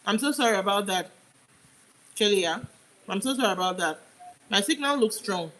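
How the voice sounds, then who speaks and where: A woman's voice: mid-range voice, expressive, normal speed, fairly bright tone, poor audio. A young woman from Nigeria hosting a casual live stream, chatting and greeting viewers by name while she eats. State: eating while talking. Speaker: livestream host.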